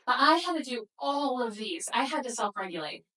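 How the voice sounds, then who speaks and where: A woman's voice: a little high, sing-song, a little fast, sharp tone, distant mic, low-quality recording. A woman presenting a workshop to a live audience, telling a story and acting out the quoted dialogue. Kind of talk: workshop talk with slides.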